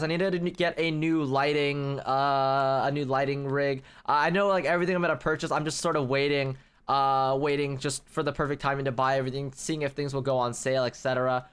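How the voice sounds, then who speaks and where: Young male gaming host, smooth voice, slightly high, casual play-by-play that tips into frustration. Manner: excitable, quick to rage, addresses viewers as guys. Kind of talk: casual gameplay commentary. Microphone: desk microphone.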